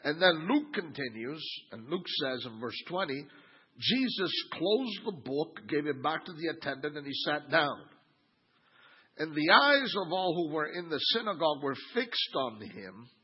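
Casting: male pastor mid-sermon, somewhat high voice, very raspy, acts out the voices in the story. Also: unhurried, muffled recording. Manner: animated, mimics the crowd's sneering tone.

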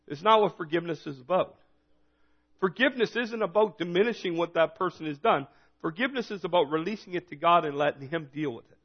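A man preaching a sermon in a relaxed, conversational way, reading scripture and retelling it in his own words. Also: on the high side, fast talker. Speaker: pastor. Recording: dull lo-fi recording.

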